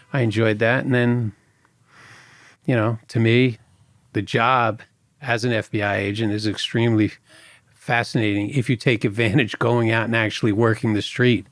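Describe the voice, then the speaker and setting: A man, a former agent telling lively stories in a podcast interview and acting out other people's voices. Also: medium pitch, no echo. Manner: animated anecdotes, acts out other people's voices. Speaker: former FBI agent guest.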